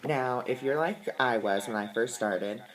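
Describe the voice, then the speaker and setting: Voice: medium pitch, unhurried, low-quality recording. A person explaining oracle and tarot cards in a casual, earnest, reassuring way, often repeating words for emphasis. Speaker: tarot and oracle card reader. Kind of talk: casual explanatory talk to camera.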